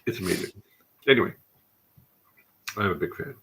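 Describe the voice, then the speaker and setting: A man's voice: deep voice, moderate pace, gravelly, fairly bright tone, a little hiss or hum, poor audio. A man hosting a casual tech livestream, talking with enthusiasm and wandering off into rambling asides. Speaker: show host.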